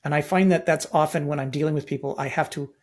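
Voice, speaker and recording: Middle-aged man from Canada, husky and slightly high voice, emphatic podcast guest. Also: steady tone, fast talker. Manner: emphatic, rhetorical questions. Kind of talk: podcast interview.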